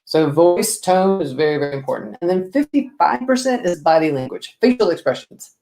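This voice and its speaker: Expressive woman business coach, echoey room. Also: lowish voice, moderate pace. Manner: expressive, lively, direct questions to viewer. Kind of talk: to-camera coaching talk.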